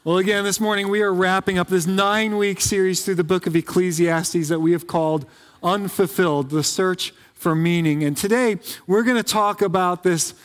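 A man's voice: sits high, fairly even intonation, normal speed, clean tone. A man preaching a sermon in a church sanctuary, talking in a conversational, joking way with lots of fillers and restarts. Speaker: pastor. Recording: reverberant sanctuary.

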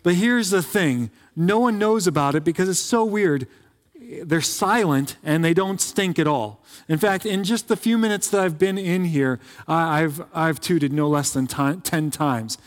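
A man's voice: fairly high pitch, a little slow, in a large hall, close to an everyday voice. A man playing an embarrassed, stammering older woman patient in a joke during a sermon. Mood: flustered. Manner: flustered, stammering.

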